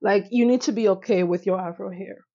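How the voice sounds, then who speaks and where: With a medium-pitched, mellow voice and a slightly quick pace, a young woman talks casually to camera. Her sassy, emphatic style relies on repeated phrases and frequent laughter, and the recording has its highs cut off.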